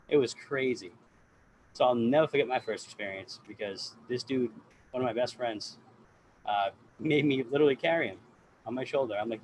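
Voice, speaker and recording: A man from the US East Coast tells stories in a casual podcast chat, swearing freely and acting out what people said. His voice sits at a middle pitch. A faint noise runs under the recording. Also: poor audio. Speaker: guest grower.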